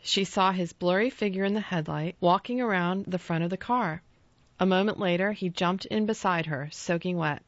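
A woman narrating a ghost story aloud in an even, measured reading voice. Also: lowish voice, dry recording, highs cut off.

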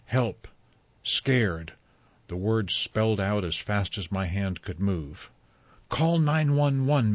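A man narrating a ghost story aloud in a hushed, suspenseful storytelling voice. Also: low-pitched, breathy edge, no echo, muffled recording.

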